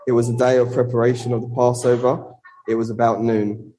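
A man's voice: mid-range voice, flat delivery, brisk, mellow, low-quality recording. Earnest man preaching a sermon. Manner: earnest, asks rhetorical questions. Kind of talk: sermon with Bible reading.

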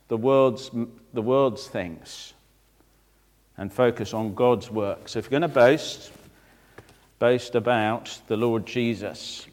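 Male vicar, sermon, rhetorical questions, mid pitch, long reverb. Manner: preaching with rhetorical questions, addressing children.

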